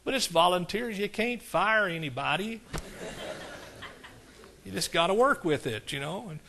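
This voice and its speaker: A middle-aged man with an East Texas accent preaching a conversational sermon in a church, folksy and plain-spoken, calling for amens and rising higher and louder on the points he stresses. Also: expressive, moderate pace, vocal fry, slight background noise. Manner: folksy, calls for amens, rises high and loud on emphatic points. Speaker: pastor.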